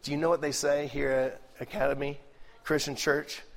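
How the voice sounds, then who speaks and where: A middle-aged male pastor preaching a lively, joking sermon, swinging between loud bursts and hushed asides. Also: a little high, moderate pace, vocal fry. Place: large church hall. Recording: live sermon with long hall reverb.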